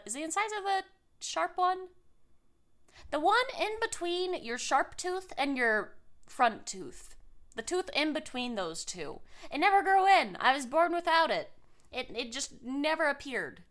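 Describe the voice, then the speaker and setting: High, bright bubbly woman streamer. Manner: bubbly and giggly, coos baby talk at her cats. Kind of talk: casual live-stream chat.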